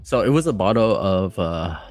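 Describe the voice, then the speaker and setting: رجل يروي قصة بحماس وثرثرة. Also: male voice, sits low, brisk, soft background music. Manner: rambling, excited, with many fillers and restarts. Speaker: podcast guest. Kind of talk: casual storytelling.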